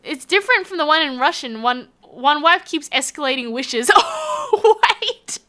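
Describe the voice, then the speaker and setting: A woman with an Australian accent, chatting casually on a live stream, reading out chat messages with a giggly, animated manner. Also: high voice, moderate pace.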